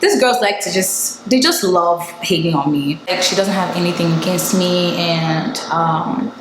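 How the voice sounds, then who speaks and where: A woman's voice: lowish voice, unhurried, echoey room, background noise. A young woman from Nigeria telling a candid storytime to her vlog viewers, chatty and full of fillers. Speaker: vlogger. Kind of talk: casual storytime chat.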